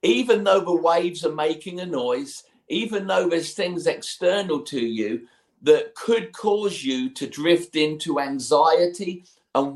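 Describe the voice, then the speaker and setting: Chatty, fairly high-voiced male preacher. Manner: conversational storytelling with asides and light laughs. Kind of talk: sermon.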